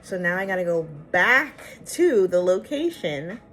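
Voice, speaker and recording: A young woman tells a personal story straight to camera, acting out each line of dialogue with exasperated asides. Her voice sits on the low side for a woman. Faint music plays softly behind her. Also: unhurried. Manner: animated, acts out the dialogue. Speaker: vlogger.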